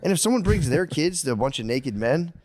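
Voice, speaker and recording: A man's voice: a little high, very animated, fairly quick, darkish tone, dry recording, clean studio sound. Crude, rambling male podcast co-host. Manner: crude, rambling, joking banter. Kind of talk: casual chat.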